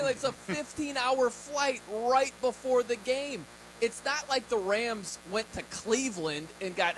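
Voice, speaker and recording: Sports talk host, American man, high voice, punchy rhetorical delivery, faint noise behind. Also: a bit bright, rough recording. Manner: emphatic, rhetorical questions, frequent laughs.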